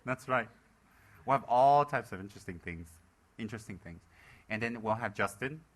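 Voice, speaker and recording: A man's voice: fairly low pitch, animated, normal speed. A man giving a playful Dharma talk as a Buddhist teacher, teasing his students with jokes. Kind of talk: joking Dharma talk to a live audience.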